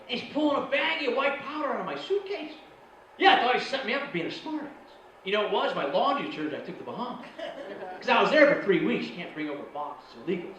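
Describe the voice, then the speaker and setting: A man's voice: high voice, fairly bright tone, dull audio. A man doing a stand-up routine in a comedy club, telling a story and acting out the other people in it. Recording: echoey club, far mic, crowd laughter.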